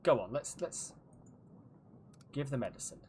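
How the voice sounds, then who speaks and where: A male streamer talks casually over a game, joking and riffing on silly voices. His pitch moves up and down a lot. A faint hum sits under the recording. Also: lively intonation, measured pace, darkish tone. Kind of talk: casual gameplay commentary.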